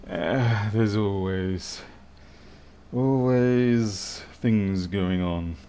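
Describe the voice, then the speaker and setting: A man's voice: fairly low pitch, very slow, mellow, clear, resonant tone. A man thinking aloud and muttering to himself as he works through a live repair stream. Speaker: electronics repair technician.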